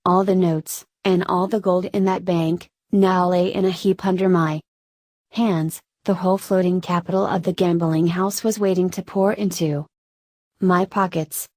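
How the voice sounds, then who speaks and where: A woman narrating a classic story in a steady, measured audiobook reading. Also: fairly low pitch, no room sound.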